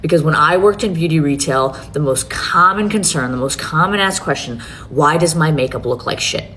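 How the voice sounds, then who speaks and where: A woman with a low-pitched voice speaks as the founder of her own beauty brand. She talks earnestly and swears freely, and a faint rumble sits under her voice. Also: normal speed, a bit bright. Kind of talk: emotional announcement video.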